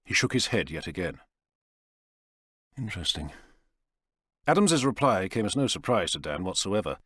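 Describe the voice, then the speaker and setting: A male audiobook narrator with a very deep voice, reading in a measured storytelling manner. His delivery is lively, rising and falling through the lines. The sound is close and dry, with no room around it. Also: no room sound. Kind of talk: scripted narration.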